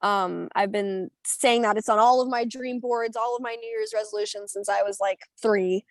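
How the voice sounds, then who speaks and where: A woman's voice: mid-range voice, moderate pace, no echo. A young woman from the United States, a singer telling stories in a chatty, rambling way over a video call, full of fillers and laughter. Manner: bubbly, animated, rambling with many fillers and laughs. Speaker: singer being interviewed.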